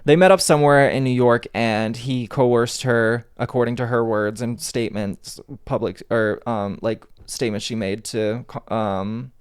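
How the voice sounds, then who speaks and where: A man co-hosts a podcast from his bedroom with a smooth, clean-sounding voice. He talks loosely and profanely at a medium pitch, laughing often and dropping "dude" into his chat. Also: steady tone, measured pace, few pauses. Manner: laid-back, profane, laughs often, says "dude" a lot. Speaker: podcast co-host. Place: own bedroom at home.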